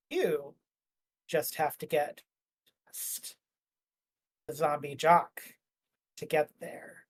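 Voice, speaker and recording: A man's voice: fairly high pitch, slight background noise. A man running a tabletop game as game master, describing the scene in a loose, rambling way full of "like" and "uh". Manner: rambling, filler-heavy, jokey.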